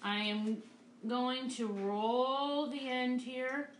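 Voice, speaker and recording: A woman's voice: high voice, flat delivery, drawn-out words, roomy sound, slight background noise. A woman art teacher giving a live painting demonstration, upbeat and encouraging as she talks through each stroke. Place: art studio.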